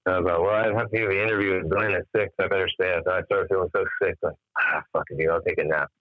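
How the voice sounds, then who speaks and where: Deep-voiced man on a tinny phone line. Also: racing, dry recording. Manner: animated storyteller, swears freely, acts out quoted dialogue. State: tired after staying up all night. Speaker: musician guest. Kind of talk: casual phone interview storytelling.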